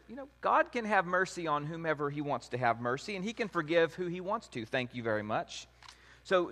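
A man giving a conversational sermon on scripture, with an animated, lively delivery that jumps up in pitch when he acts out quotes. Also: long reverb tail. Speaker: preacher.

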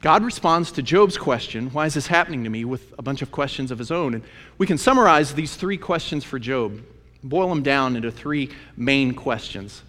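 A man's voice: mid-range voice, expressive, moderate pace, fairly bright tone. A man teaching a sermon on a Bible book, emphatic and conversational, repeating phrases for effect as he retells the story. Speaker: preacher. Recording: long reverb of a large hall.

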